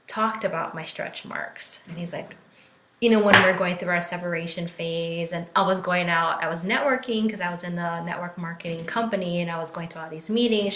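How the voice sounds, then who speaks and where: A woman's voice: on the low side, fairly bright tone. A woman in her thirties, a life coach, talking candidly on a live stream, chatty and full of fillers, acting out what others said. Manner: candid, chatty, many fillers, acts out quotes. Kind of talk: casual live-stream talk. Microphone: phone or laptop for a live stream. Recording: roomy echo.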